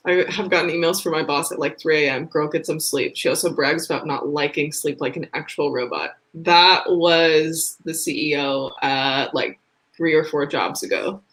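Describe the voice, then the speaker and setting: Woman on a video call, lowish voice, lots of mm-hmms and laughs. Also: a bit bright. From United States. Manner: quick agreeing interjections, laughs easily. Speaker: co-host. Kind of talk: casual chat.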